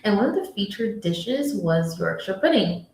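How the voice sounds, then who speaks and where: A woman's voice: mid-range voice, sing-song, normal speed. Spiritual coach, American woman, mid-range voice, earnest storyteller, recorded in a reverberant room. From United States. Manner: earnest, storytelling, with soft hushed asides. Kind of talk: motivational talk to camera.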